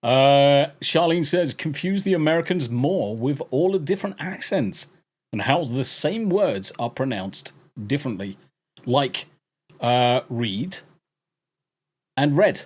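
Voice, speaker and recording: A man's voice: mid-range voice, expressive, slow. An English man hosting a podcast, bantering with chat and swearing freely. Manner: profane, laughing banter. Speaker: podcast host reading chat. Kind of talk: casual chat.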